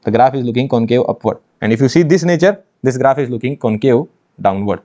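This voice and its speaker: A man's voice: mid-range voice, lively intonation, fairly quick, warm tone. A man teaching engineering maths in an online exam-prep lecture, emphatic, repeating phrases and asking rhetorical questions. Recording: dull lo-fi sound.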